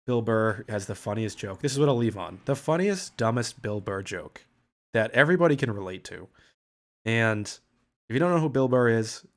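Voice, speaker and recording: A man's voice: medium pitch, fairly bright tone. A man hosting a casual livestream chat, rambling, swearing freely and often restarting his sentences. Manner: rambling, profane, with frequent restarts. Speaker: livestream host.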